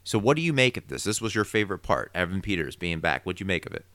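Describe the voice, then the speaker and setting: A man co-hosting a podcast, casually recapping a TV episode with opinionated, animated theorizing. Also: sits low, fast talker, no echo. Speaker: podcast co-host.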